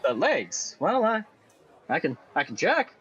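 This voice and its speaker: Lively, high-voiced male game master. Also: measured pace, husky, muffled recording, some chatter behind. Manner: animated, playful narration. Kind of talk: narrating a tabletop game.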